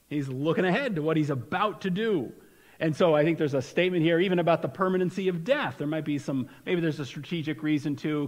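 Conversational man preaching in a reverberant hall. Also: on the high side. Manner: conversational preaching with rhetorical questions and restarts. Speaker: pastor. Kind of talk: sermon. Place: church sanctuary.

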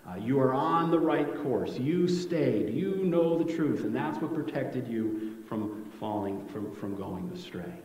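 A man's voice: on the high side, a little mellow, reverberant, in a large hall, low-quality recording. A male pastor preaching an expository sermon in a conversational way, often checking in with "right?".

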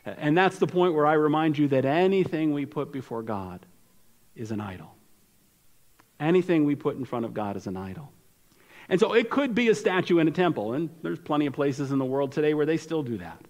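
A man preaching a sermon as pastor, speaking conversationally and repeating phrases for emphasis, with his voice dropping softly at key lines. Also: on the high side, expressive, a little fast. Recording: long hall reverb.

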